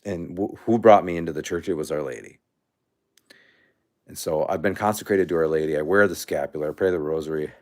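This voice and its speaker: Breathless rambling deep-voiced man. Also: brisk. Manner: rambling, animated, restarts often. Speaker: livestream host. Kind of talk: casual livestream chat.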